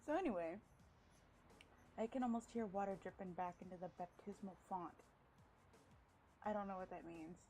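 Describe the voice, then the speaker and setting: A woman's voice: fairly low pitch, moderate pace, pauses often, warm tone, faint music behind, rough recording. Woman reading a game with cheeky asides. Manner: breezy, swears casually in jokey side comments. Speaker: let's play gamer. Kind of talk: reading a visual novel aloud with playful asides.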